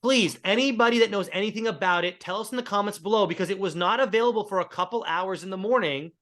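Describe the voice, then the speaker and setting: A man's voice: sits high, quick pace, a bit bright. A man co-hosting a casual TV recap chat, talking in a rambling, opinionated way. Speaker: co-host.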